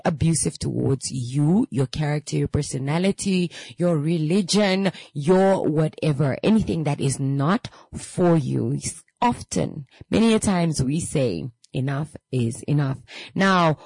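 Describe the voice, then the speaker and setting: A young woman talks in a loose, animated monologue. Her voice sits fairly low, and she circles back over her words as she goes. The sound is dry and close, with no room around it. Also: no room sound. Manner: animated, repeats and restarts, laughs readily. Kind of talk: casual monologue.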